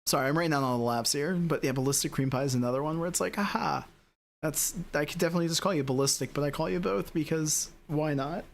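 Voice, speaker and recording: A man with a fairly high voice streams sim racing, talking fast with few pauses. He rambles casually straight to his chat, using lots of filler words.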